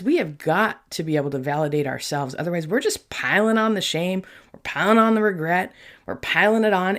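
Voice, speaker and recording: A middle-aged woman hosting a Christian podcast, talking in an earnest, chatty and animated way and speaking straight to her listeners. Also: lowish voice. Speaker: podcast host and Christian life coach. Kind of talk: casual faith-based podcast monologue.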